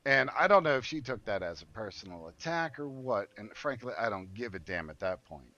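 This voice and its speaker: A man's voice: fairly low pitch, lively intonation, fairly quick, bright, forceful tone, no room sound. A man streaming a game who tells a story in a casual, profane and indignant way, with heated outbursts. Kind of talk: casual storytelling while gaming. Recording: muffled lo-fi audio.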